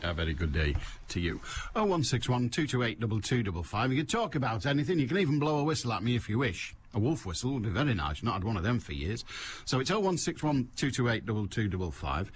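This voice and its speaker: A man's voice: medium pitch, sing-song, fast, slight background noise. A middle-aged man hosting a radio phone-in, chatting wryly and teasing his listeners and callers. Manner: wry, teasing, laughs at his own jokes. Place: radio studio.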